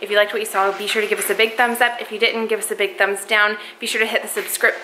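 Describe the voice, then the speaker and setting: A woman's voice: mid-range voice, level tone, fast, sharp tone, a little hiss or hum, poor audio. A young woman chatting to the camera at home during the kids' bedtime routine, a casual family vlog. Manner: chatty, mom talking to kids and camera. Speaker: family vlogger.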